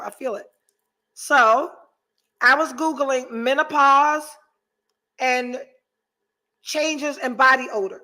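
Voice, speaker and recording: A woman in her forties hosts a podcast, reading viewer comments in a high, bright, forceful voice, unhurried and full of pauses. She chats candidly and swears a lot, swinging theatrically between mock despair and laughter. The recording quality is low.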